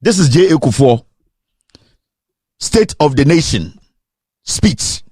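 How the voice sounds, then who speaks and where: A Ghanaian man giving a fiery political rant, his fairly high voice leaping up and down as he fires off repeated rhetorical questions. He slips between English and Twi, sometimes in a sing-song lilt, and the sound is dry and close, with no room around it. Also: big pitch swings, a little slow, darkish tone, breathy edge, no echo. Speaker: political commentator.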